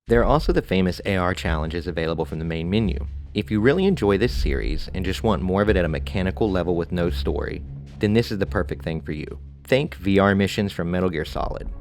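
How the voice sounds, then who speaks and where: Deep-voiced male game reviewer. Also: fast, soft background music. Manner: relaxed, conversational with casual asides. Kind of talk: scripted review narration.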